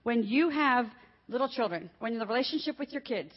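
A woman's voice: on the high side, lively intonation, fairly quick, slightly rough, highs cut off. An older woman, a grandmother, speaking from a church stage into a handheld microphone, telling a family story in a chatty way with laughs. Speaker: guest speaker. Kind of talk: sermon testimony.

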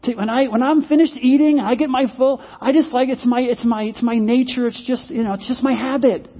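A preacher doing a smug lazy tomcat. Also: male voice, extremely high pitch, steady tone, a little fast, lo-fi sound. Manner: shrugging, self-excusing, repeats himself. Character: smug lazy male cat, boastful glutton.

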